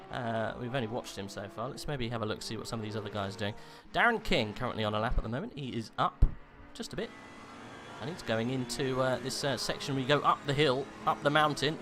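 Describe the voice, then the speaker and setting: Fast-talking and animated, a mid-range male voice rambles through live commentary of an online sim race, calling positions and joking with his co-host between fillers. There's background noise along with music playing under him.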